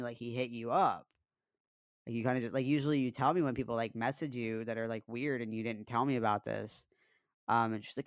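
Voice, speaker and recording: With a medium pitch and a fairly quick pace, the young man's voice is recorded with no echo. Co-hosting a podcast, he tells a personal story in a loose, confessional way, swearing and using lots of fillers.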